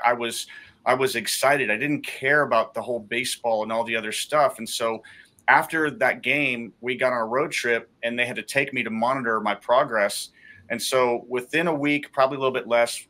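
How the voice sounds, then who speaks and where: Male guest, bright forward voice, heartfelt personal testimony. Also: medium pitch. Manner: heartfelt storytelling.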